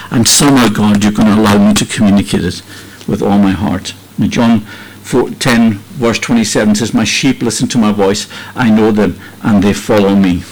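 A man's voice: on the high side, low-quality recording. Earnest male preacher, heartfelt. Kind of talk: sermon.

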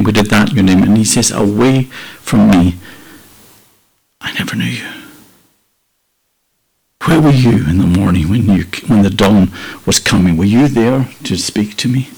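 A man's voice: medium pitch, breathy edge, rough recording. Earnest male preacher, heartfelt. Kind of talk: sermon.

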